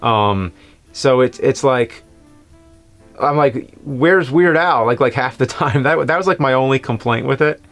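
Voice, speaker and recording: A man hosting a casual film review, talking in an unhurried, hesitant way. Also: mid-range voice, a bit bright, soft background music. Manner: unhurried, hesitant, many fillers. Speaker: show host, film reviewer.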